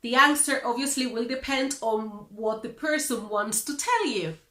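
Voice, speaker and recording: Bright, lively woman Spanish teacher. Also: fairly high pitch, reverberant. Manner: upbeat, careful, explains slowly. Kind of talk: beginner language lesson.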